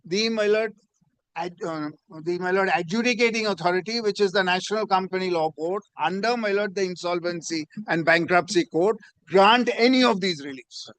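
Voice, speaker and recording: A male lawyer makes his formal submission in a courtroom, courteous and insistent. His voice sits high and sounds smooth and resonant, recorded dry with little room sound. He punctuates almost every phrase with a respectful "my lord". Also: moderate pace, fairly bright tone, no echo. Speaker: advocate.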